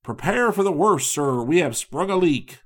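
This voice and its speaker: A man's voice: fairly high pitch, animated, moderate pace, pitched above the performer's own voice. A man voicing a frightened male mate who reports trouble in an agitated way. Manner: agitated, alarmed.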